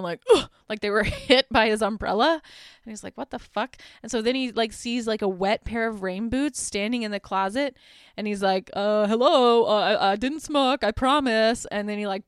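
A woman's voice: mid-range voice, clear, resonant tone, no room sound, studio quality. A woman hosting a podcast and recapping a movie in a casual, sarcastic way. She says "like" constantly and swears freely. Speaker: podcast host.

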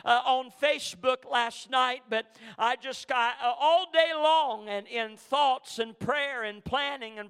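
A man's voice: very high-pitched, pushed and bright, clear, resonant tone. A middle-aged male pastor praying and preaching a sermon with testimony, fervent, with many fillers and repeated phrases. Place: church sanctuary. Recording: long church hall reverb.

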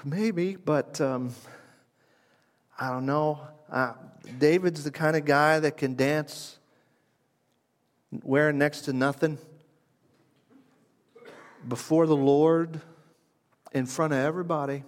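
A man preaching a sermon in a conversational, reflective way, moving from hushed asides to emphatic lines. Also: a little high, fairly even intonation, slow, pauses often, big-room sound.

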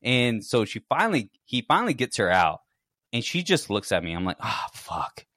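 A man's voice: mid-range voice, sing-song, a little fast, a bit bright, no echo, studio quality. A man co-hosting a podcast, telling a long story in casual chat and acting out his own reactions. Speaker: podcast co-host.

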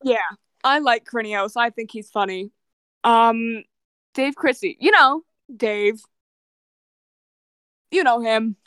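A woman's voice: a little high, takes it slowly, long pauses, fairly bright tone, clear, resonant tone, no echo, clean studio sound. A young woman co-hosting a casual podcast, playful and teasing, laughing often. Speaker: podcast co-host. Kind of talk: casual chat.

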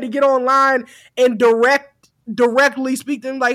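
A young woman co-hosting a podcast, talking in a blunt, animated, profane way, often laughing. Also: sits high, normal speed. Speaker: podcast co-host. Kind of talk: casual chat.

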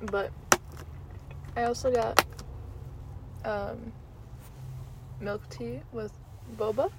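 A woman's voice: fairly high pitch, fairly even intonation, extremely slow, heavy background noise. A young woman giving a casual, rambling food review while eating, chatty and giggly with many ums. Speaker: vlogger.

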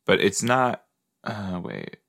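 A man's voice: fairly low pitch, very animated, slow, vocal fry, fairly bright tone. A man hosting a podcast, giving casual, playful reaction commentary while watching a show and laughing easily. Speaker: podcast host.

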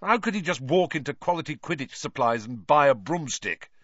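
A man voicing an eager, excitable young male team captain in an audiobook. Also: moderate pace, breathy edge, dry recording, full character voice. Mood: incredulous. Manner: excited, climbing to high bursts. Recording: dull lo-fi.

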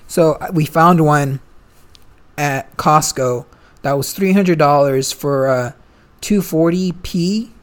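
A man's voice: fairly high pitch, slow, clean tone. A young man, a guest, chatting casually and telling a long story, swearing freely and full of slang. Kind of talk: casual chat.

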